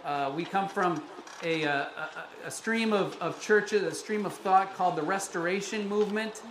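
High-voiced pastor in an echoey church. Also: male voice, moderate pace. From United States. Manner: chatty, personal, self-deprecating. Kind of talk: conversational sermon. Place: church sanctuary. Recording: echoey room with background noise.

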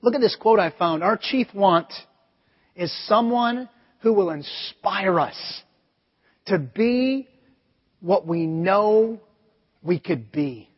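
Middle-aged male pastor, husky high voice, conversational sermon, dull lo-fi church recording. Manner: conversational storytelling with acted asides. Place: church sanctuary. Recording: echoey church hall, dull lo-fi audio.

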